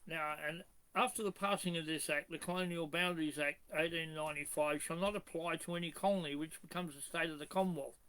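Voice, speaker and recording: A man's voice: on the high side, fairly even intonation, a bit bright, smooth, rough recording. A man reading legal clauses aloud and arguing against them in a combative way, firing pointed rhetorical questions. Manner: reads clauses in a measured, halting way. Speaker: commentator rebutting a constitutional expert.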